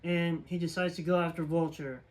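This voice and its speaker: Man for a casual movie-review vlog: high-pitched voice, loose and rambling, full of "uh" and "like". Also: little pitch movement, fairly quick, darkish tone, low-quality recording. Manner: rambling, filler-heavy retelling. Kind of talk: casual movie plot recap.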